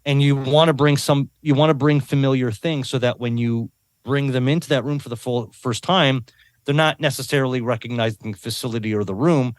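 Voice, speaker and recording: A man's voice: medium pitch, fairly even intonation, fairly quick, no echo, studio quality. A man as a podcast guest talking earnestly in a casual conversation, often repeating words and adding tag questions.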